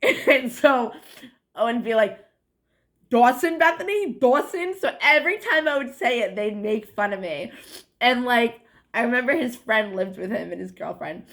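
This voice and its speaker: A woman's voice: fairly high pitch, fairly bright tone. A young woman with a New England accent talking to her viewers in a meandering, casual monologue, full of "like" and swearing. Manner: meandering, heavy on "like" and swearing, frequent laughs. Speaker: vlogger. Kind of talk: rambling casual monologue to camera.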